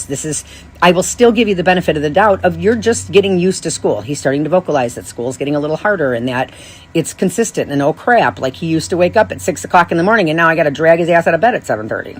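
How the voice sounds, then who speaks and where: A woman in her thirties tells a story in an easygoing, casual way, and her voice sits a little low. She swears freely and keeps correcting herself mid-sentence. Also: slightly rough, poor audio. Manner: animated, swears freely, frequent self-corrections. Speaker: podcast host.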